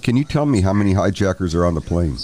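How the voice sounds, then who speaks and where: A man reading the part of a calm female emergency operator who asks steady, careful questions. The voice stays close to the reader's own. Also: low-pitched, quick pace.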